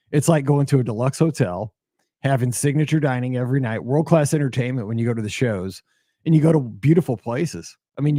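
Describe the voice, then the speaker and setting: A middle-aged man talks alone into a podcast mic, his voice hoarse and worn from a cold and asthma. He rambles in a friendly, chatty way, full of "uh"s and restarts. His tone is dark and mellow, and the recording is dry and close with no room sound. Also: mid-range voice, dry recording. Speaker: podcast host. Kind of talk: solo podcast monologue.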